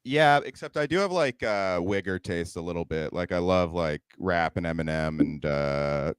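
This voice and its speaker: Joking man with a smooth low voice. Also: moderate pace, no echo, studio quality. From San Francisco Bay Area. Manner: jokey, laughs often, slips into silly voices. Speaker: podcast guest, comedian. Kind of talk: casual podcast banter.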